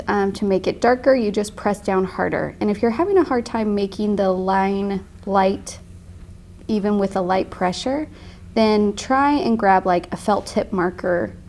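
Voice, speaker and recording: Gravelly-voiced woman teaching painting. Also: medium pitch, darkish tone, slight background noise. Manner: chatty, laughs easily. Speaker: painting instructor. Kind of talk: casual tutorial.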